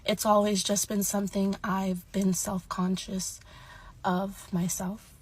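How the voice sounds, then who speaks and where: Woman in her 20s, slow and halting, emotional confession. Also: mid-range voice, flat delivery, breathy edge, low-quality recording. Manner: hesitant, emotional, many pauses. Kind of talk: personal confession to camera.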